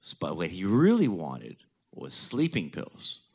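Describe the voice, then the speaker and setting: A man's voice: low-pitched, huge pitch swings, measured pace, darkish tone, breathy edge. A man telling a candid personal story in a blunt, profane, conversational way.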